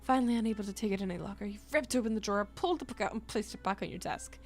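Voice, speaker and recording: A woman's voice: medium pitch, soft background music. A woman streamer reading a game's story text aloud and breaking off for casual asides. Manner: plain reading voice, quick chatty asides to chat.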